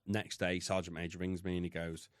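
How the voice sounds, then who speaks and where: A British man with a very low, deep voice recounts his past candidly, swearing freely as he talks. The sound is close and dry, with no room around it. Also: little pitch movement, brisk, clear, resonant tone, dry recording. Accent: British English. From United Kingdom. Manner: blunt, heavy swearing, emotional retelling. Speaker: podcast guest. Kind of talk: candid storytelling.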